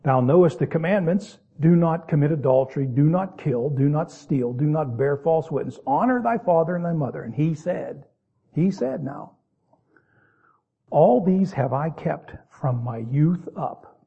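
A man preaching a sermon, moving between solemn King James readings and plain, folksy explanation. He sometimes draws a word out slowly for emphasis. His voice sits a little high with a husky edge, heard through a thin, phone-like recording. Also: lively intonation. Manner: reads King James verses, then explains them in plain folksy asides; stretches words out slowly for emphasis.

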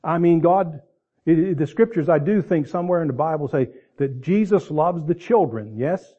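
A man's voice: on the high side, normal speed, husky, lo-fi sound. A man preaching a sermon in a conversational way, with asides and restarts, ending in prayer. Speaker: pastor.

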